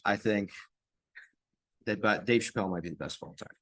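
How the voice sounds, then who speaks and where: A young man, a college football player, answering interview questions in a relaxed, hesitant way. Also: fairly low pitch, a little fast, no echo. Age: young adult. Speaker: college football tight end, guest.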